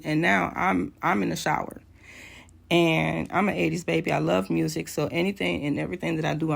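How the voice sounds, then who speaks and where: A woman around forty tells a personal story to camera in a candid, conversational way. Her voice sits fairly low, with a gravelly vocal fry. She pauses on hesitant fillers as she goes. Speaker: vlogger.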